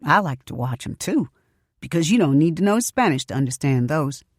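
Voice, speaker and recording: A woman narrating a story audiobook in an expressive first-person telling. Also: deep voice, fairly quick, no room sound, clean studio sound.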